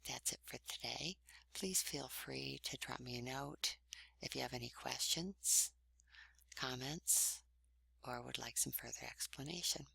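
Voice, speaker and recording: A woman, a writing instructor, giving a recorded online lecture in a conversational, explanatory way, often trailing off into breathy endings. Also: rumbling low, unhurried, sharp tone, no room sound.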